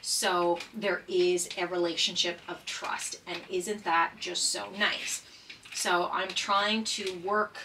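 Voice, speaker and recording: Woman vlogging over a puzzle, earnest and halting, close to crying, bright tone. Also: mid-range voice, recorded from a distance, slight background noise, poor audio. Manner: earnest, halting, many fillers and restarts. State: holding back tears. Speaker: puzzle vlogger and former paramedic. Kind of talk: casual personal talk while doing a jigsaw puzzle.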